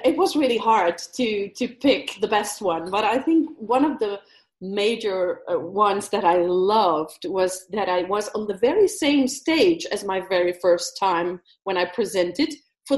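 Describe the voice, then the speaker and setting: A woman guest telling a story in a casual interview, animated, laughing often and mimicking accents. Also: medium pitch, unhurried, reverberant. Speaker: guest speaker.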